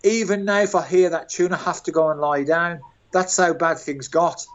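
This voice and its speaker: A man in his sixties tells lively, self-mocking stories as an interview guest, his voice sitting a bit high for a man. The sound is dull and lo-fi, like audio from a call. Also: moderate pace. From England, Birmingham. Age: 60s. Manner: animated, self-mocking anecdotes. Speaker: guest, former footballer. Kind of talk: storytelling interview.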